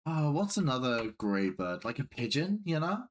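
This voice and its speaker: A man in casual tabletop role-play, playful and quick to laugh. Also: mid-range voice. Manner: playful, laughs often, animated. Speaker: player.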